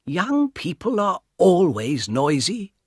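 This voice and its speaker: A man voicing a small, quiet man in his fifties with mild, fussy thoughts. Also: high-pitched, wildly swooping pitch, takes it slowly, breathy edge, no echo, studio quality, voice pushed up, full character voice. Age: 50s. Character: small, quiet fifty-year-old man who dislikes noise.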